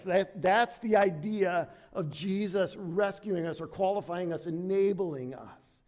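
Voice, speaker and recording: A man delivering a church sermon in a slightly higher-pitched voice. He preaches conversationally, repeating himself as he restarts, then pushes up in pitch and force for emphasis. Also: a little slow, a little mellow. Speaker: pastor. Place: church sanctuary.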